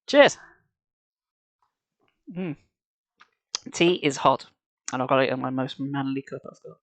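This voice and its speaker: Man, live storybook reader, casual asides, mid-pitched, dry close mic. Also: takes it slowly, a bit bright, no room sound. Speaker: livestream reader.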